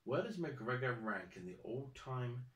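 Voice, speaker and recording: A young man hosting a relaxed sports podcast, building his argument point by point and leaning into provocative questions. His voice sits at a medium pitch, and it reaches the mic from a little way off. The room around him is bare and echoey. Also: unhurried. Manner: lays out numbered points, provocative. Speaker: podcast host. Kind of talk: casual sports chat. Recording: roomy, mic at a distance.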